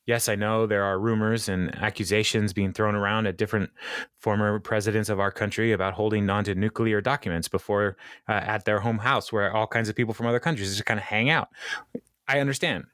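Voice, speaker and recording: A man's voice: on the low side, fairly even intonation, a little fast, a bit bright, smooth, no echo. Man casually recapping a sitcom, playful. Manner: playful, jokey asides, dips into mock voices. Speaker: podcast co-host.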